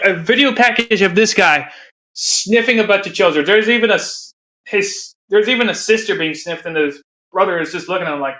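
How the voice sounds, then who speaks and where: A man's voice: high-pitched, bright, forceful tone. A man ranting casually, crude and rambling, with frequent laughter. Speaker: commentator. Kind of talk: casual rant.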